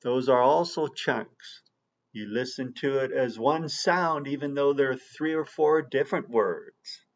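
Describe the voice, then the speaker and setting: A man's voice: medium pitch, a little slow. A man teaching an English listening lesson, explaining patiently and checking in often with the learner. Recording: dull lo-fi recording.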